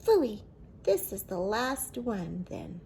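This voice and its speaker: Woman reading aloud as a grumpy old grandpa, grumbling and flustered, lively slow storybook voice. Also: on the high side, slight background noise, heavily acted. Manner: grumbling, exclaiming.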